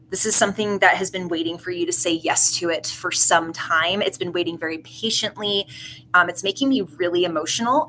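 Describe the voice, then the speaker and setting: A woman's voice: fairly low pitch, fairly bright tone, slight background noise, rough recording. A woman doing a tarot reading in a casual, rambling way, earnest and emotional. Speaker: tarot reader.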